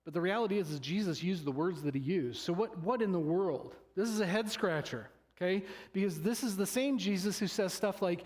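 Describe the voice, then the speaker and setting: Pastor guy preaching, kinda high voice, jokey and casual, acts out little voices. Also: a little fast, few pauses. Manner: conversational and joking, acts out quoted voices. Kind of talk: sermon. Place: church sanctuary.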